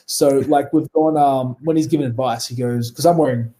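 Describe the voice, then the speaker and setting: A man's voice: medium pitch, fast, hardly any pauses, dark tone. A man with an Australian accent, a wrestler telling stories in a casual interview, rambling, laughing often and swearing freely. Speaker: guest wrestler.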